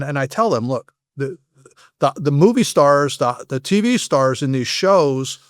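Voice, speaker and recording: Man, middle-aged, fast rambling talk, slightly high voice, dry close sound. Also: no echo. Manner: fast, rambling explanations full of restarts. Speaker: guest, former SWAT operator and FBI agent. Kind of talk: podcast interview storytelling.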